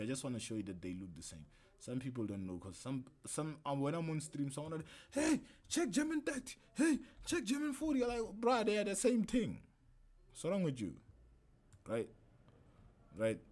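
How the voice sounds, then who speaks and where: On his livestream, this trading instructor speaks at a medium pitch with a touch of mellowness. His delivery is casual and rambling, full of slang, and he constantly asks his viewers "right?".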